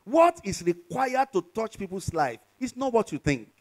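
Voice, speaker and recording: A Nigerian pastor preaches a sermon in a high, sing-song voice at normal speed. He leads call-and-response with his congregation and slips from English into Yoruba.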